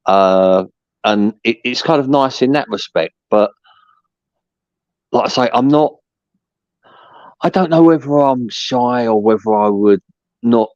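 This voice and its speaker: A man's voice: medium pitch, a little slow, pauses often, darkish tone, no echo, dull audio. A man chatting casually as a podcast guest, rambling with plenty of fillers. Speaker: podcast guest, merchandise seller. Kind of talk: casual chat.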